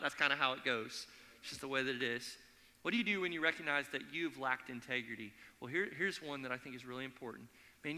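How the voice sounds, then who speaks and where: A man preaching a sermon in a church, telling stories in an animated way and acting out the voices of the people in them. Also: a little high, long reverb tail. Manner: animated storytelling, acts out quoted voices. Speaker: pastor. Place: church sanctuary.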